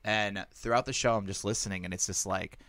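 A man's voice: lowish voice, fairly even intonation, fairly quick, bright, forceful tone, no echo. A man, a stand-up comedian, telling crude stories in casual podcast chat, laughing often.

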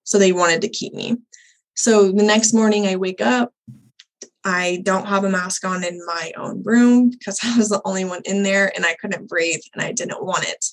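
A young adult woman, a birth doula, telling her own birth story as a guest in a podcast interview, candid and animated, voicing the people she quotes. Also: mid-range voice, normal speed, poor audio. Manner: candid, animated retelling, acts out quoted dialogue.

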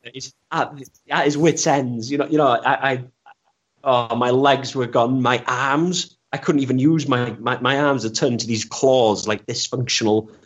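A man's voice: medium pitch, steady tone, a little slow. A man telling stories as an interview guest, rambling and self-deprecating, often stammering and restarting. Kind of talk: casual storytelling interview. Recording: dull lo-fi recording.

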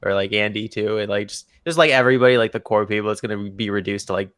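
A man co-hosting a podcast, reading a news item aloud in an even, scripted way and chatting loosely. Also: lowish voice, fast, dry recording, studio quality. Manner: reads in an even, scripted way, laughs often in banter. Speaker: podcast co-host.

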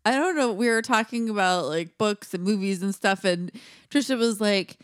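A woman's voice: mid-range voice, normal speed, no echo, studio quality. A woman co-hosting a podcast in casual chat, laughing often and drifting back from the mic. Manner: giggly, laughs often between words. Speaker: podcast co-host. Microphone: sits back from the mic.

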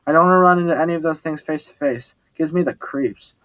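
A man reading a flat, guarded companion. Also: fast talker, no echo, close to an everyday voice, rough recording. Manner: flat and low-key. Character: guarded, cool-headed male companion speaking flatly.

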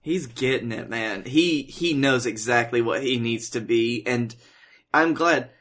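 A man's voice: medium pitch, unhurried, fairly bright tone. A man co-hosting a podcast in casual chat, rambling with restarts and swearing freely.

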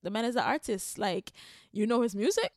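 A woman's voice: medium pitch, expressive, a little fast, no echo, clean studio sound. A young Jamaican woman hosting a podcast alone, talking in a rambling, candid way with lots of swearing and laughs. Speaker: podcast host. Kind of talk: casual solo podcast monologue.

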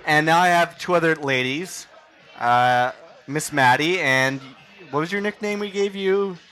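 A man's voice: fairly high pitch, unhurried, bright, forceful tone. A man hosting a podcast, chatting casually and teasing his guests. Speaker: podcast host. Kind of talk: casual chat.

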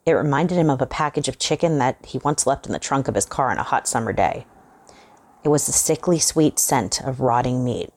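Casting: woman with a strikingly low voice, reading a horror tale slowly and with suspense. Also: animated, a little mellow. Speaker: host and reader. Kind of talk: dramatic horror story reading.

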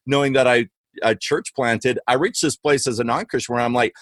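A man from Western Canada, a guest author telling lively, slangy stories in a casual interview. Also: medium pitch, fairly quick, no room sound. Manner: animated, slangy, says "bro" and "man". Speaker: guest, author and former comedian.

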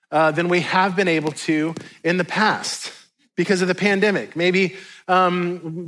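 A man's voice: high-pitched, a bit bright. A middle-aged man preaching a sermon to a congregation in a church, conversational and joking, with playful asides to the listeners. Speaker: pastor.

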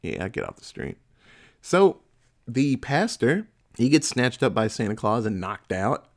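A man casually recounting a film, swearing freely and laughing as he goes. His pitch swings widely and animatedly around a mid register, and he keeps a loose, conversational manner. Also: unhurried. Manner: profane, laughing, animated storytelling. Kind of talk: casual chat, retelling a movie plot.

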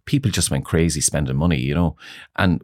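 Very deep-voiced man telling stories. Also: fairly quick, a little mellow, no room sound, clean studio sound. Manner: chatty, laughs often, many fillers like "you know". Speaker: salon owner, guest. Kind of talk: casual interview storytelling.

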